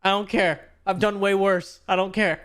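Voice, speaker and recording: A man's voice: high-pitched, flat delivery, moderate pace, a bit bright, smooth. A man in casual podcast chat, crude and blunt, joking with friends. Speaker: podcast regular.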